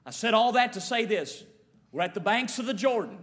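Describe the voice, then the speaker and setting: High-pitched, bright-voiced preacher. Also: male voice, fairly quick. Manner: rhythmic repetition, swinging from shouts to hushed tones. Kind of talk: fiery revival sermon.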